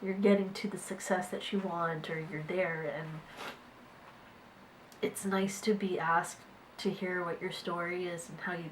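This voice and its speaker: A woman managing artists, talking haltingly to her camera in a casual vlog with many fillers and restarts. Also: lowish voice, slight background noise, low-quality recording. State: tearful, voice catching.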